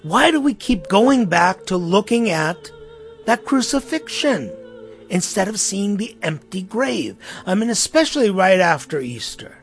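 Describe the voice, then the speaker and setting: A man's voice: sits high, very animated, a little slow, faint music behind. A man giving a reflective sermon in a conversational way, with asides and restarts. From Armenian community in the US. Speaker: pastor.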